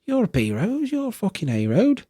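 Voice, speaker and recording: Shrill swearing barman, outraged, man putting on, lively swoops. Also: moderate pace, dry recording, studio quality, full character voice. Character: hard barman of a pub for roads, tough then shrill.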